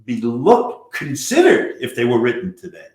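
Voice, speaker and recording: A man's voice: mid-range voice, wildly swooping pitch, moderate pace, darkish tone. An older man, a guest actor, telling stories in casual chat and sometimes trailing off and restarting. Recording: echoey room.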